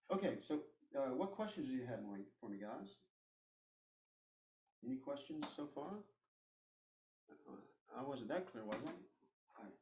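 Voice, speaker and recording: Man teaching airbrush painting, gravelly voice. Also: mid-range voice, warm tone, echoey room, far from the mic, poor audio. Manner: casual, reassuring, thinks aloud while working. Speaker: art instructor. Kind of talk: live airbrush painting demonstration.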